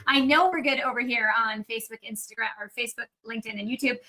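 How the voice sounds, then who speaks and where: A woman chats upbeat and casual on a livestream, speaking straight to her viewers. Her voice sits a little high and rings bright and forward. She has a frog in her throat and keeps clearing it. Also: fast, rough recording. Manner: chatty and upbeat, talking to viewers. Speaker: naturopathic doctor hosting a live Q&A. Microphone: external microphone on a livestream.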